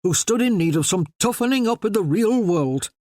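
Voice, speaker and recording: A reader voicing a hearty, blunt gentleman with a Yorkshire accent. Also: mid-range voice, animated, normal speed, no echo, clean studio sound, voice pushed up, close to an everyday voice.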